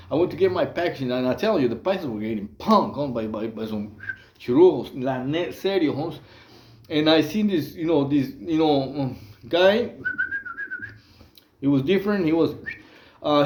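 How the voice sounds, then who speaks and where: A man's voice: a little high, a little mellow, reverberant, slight background noise. Rambling man telling stories. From Mexico. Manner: rambling, many fillers and restarts, prison slang. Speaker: channel host telling prison stories. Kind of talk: casual storytelling monologue.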